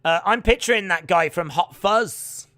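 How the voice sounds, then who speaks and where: A young man hosting a live watch-along stream, rambling chattily with viewers and calling the action in excited play-by-play. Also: high voice, moderate pace, dry recording.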